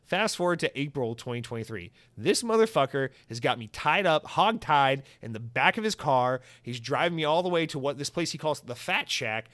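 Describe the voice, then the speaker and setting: A man's voice: mid-range voice, lively intonation, normal speed, hardly any pauses, a bit bright, no echo. A young man hosting a solo podcast, rambling and swearing with comic exaggeration. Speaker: podcast host.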